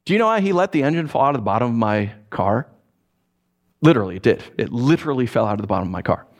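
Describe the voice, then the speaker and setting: A man's voice: medium pitch, quick pace. A man preaching a sermon as a pastor, telling stories and acting out his own frustrated voice. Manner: animated storytelling, acts out his own frustrated voice.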